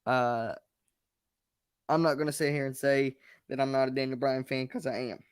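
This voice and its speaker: A man's voice: medium pitch, level tone, moderate pace, smooth, no room sound, clean studio sound. A young man hosting a wrestling review show, speaking frankly and with blunt emphasis as he vents and shares opinions. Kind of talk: casual chat.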